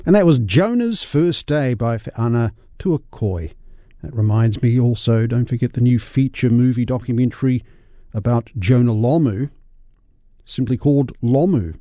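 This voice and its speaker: A man presenting a radio story slot, relaxed and conversational. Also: mid-range voice, normal speed, dry recording, clean studio sound. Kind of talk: radio continuity announcing.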